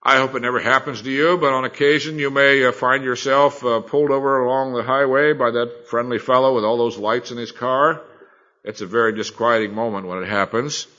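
Male preacher, emphatic sermon delivery, mid pitch, slightly muffled recording. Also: steady tone, fairly quick, pushed and bright. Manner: earnest, emphatic, with sudden dynamic swings.

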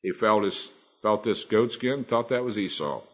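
Folksy male preacher, bright voice. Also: fairly low pitch, lively intonation, moderate pace, husky, lo-fi sound. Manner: folksy, colloquial storytelling. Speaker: Bible teacher preaching. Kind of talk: folksy sermon.

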